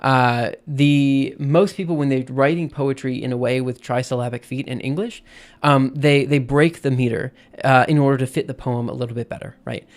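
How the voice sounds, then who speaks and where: On a live stream, a man casually explains poetic meter, thinking out loud with lots of fillers and restarts. His mid-range voice keeps a fairly even intonation at normal speed.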